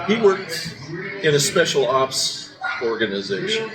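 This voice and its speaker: A man's voice: a little high, big pitch swings, a little slow, a loud crowd, rough recording. An older man hosting a casual breakfast chat, telling meandering stories full of fillers and restarts in a restaurant. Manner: rambling storyteller with many fillers and restarts. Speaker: podcast host. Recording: background music.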